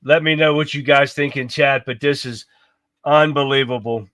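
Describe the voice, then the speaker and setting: A man's voice: medium pitch, steady tone, normal speed, a bit bright, no echo. A man hosting a live stream, reacting with heated, profane rants and talking to his chat viewers. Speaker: livestream host.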